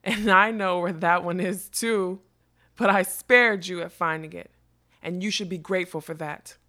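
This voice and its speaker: A woman's voice: fairly low pitch, steady tone, moderate pace, sharp tone. A woman reading a storybook, voicing a scheming old carnival witch with a sweet, smoky, mocking voice. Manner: mocking, snarling when crossed.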